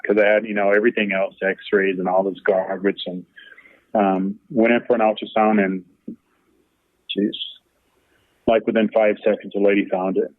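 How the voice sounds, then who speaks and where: Middle-aged man, interview guest: low, monotone, emotional storyteller; thin telephone-quality audio. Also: moderate pace, pauses often, dry recording. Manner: emotional and earnest, many fillers and restarts. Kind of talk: candid personal storytelling. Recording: dry, tinny phone-like sound.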